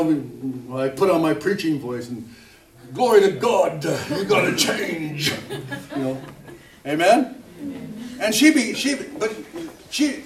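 A middle-aged man preaching a sermon in a church hall, talking in a loose conversational way and poking fun at himself, with plenty of amens and hallelujahs. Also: high-pitched. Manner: conversational, self-mocking, frequent amens and hallelujahs. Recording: roomy echo, distant mic.

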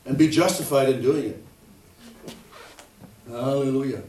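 A man's voice: medium pitch, measured pace, warm tone. A middle-aged man preaching a sermon in a church hall, talking in a loose conversational way and poking fun at himself, with plenty of amens and hallelujahs. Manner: conversational, self-mocking, frequent amens and hallelujahs. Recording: roomy echo, distant mic.

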